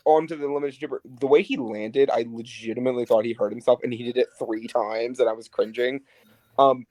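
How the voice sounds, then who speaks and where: A man co-hosting a podcast in casual chat, animated and full of fillers. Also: medium pitch, no room sound. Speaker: podcast co-host.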